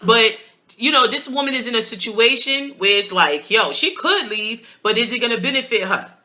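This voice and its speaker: A woman's voice: a little high, moderate pace. A woman with a New York accent hosting a casual TV recap, opinionated and slangy. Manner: opinionated, slangy, animated with laughs. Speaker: TV review host.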